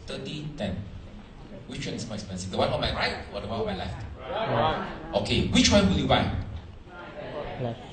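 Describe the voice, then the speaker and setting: A man's voice: mid-range voice, big pitch swings, brisk, pauses often. A man giving a sales seminar talk to a live audience, questioning the crowd and repeating his points for emphasis. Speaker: motivational speaker. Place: large hall with an audience. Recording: echoey hall, recorded from far off.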